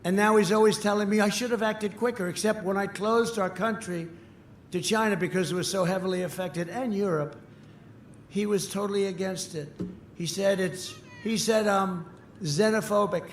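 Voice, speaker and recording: A man in his seventies giving a boastful, repetitive campaign rally speech, swinging between shouts and quiet asides. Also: high-pitched, moderate pace, echoey room, a little hiss or hum. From United States. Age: 70s. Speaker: political candidate.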